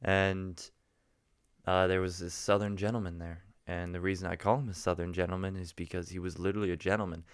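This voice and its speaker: A man's voice: sits low, little pitch movement, a little fast, smooth, no room sound, clean studio sound. A young man from New Jersey, rambling through a jokey story in a casual vlog, often restarting his sentences. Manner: rambling, jokey, self-interrupting. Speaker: vlogger.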